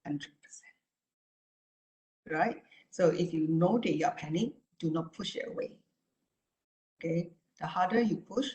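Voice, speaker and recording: Calm lower-voiced woman coaching with echo. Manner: calm, repetitive coaching with frequent "you know" and "right?". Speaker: therapist giving a talk. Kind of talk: online talk with Q and A.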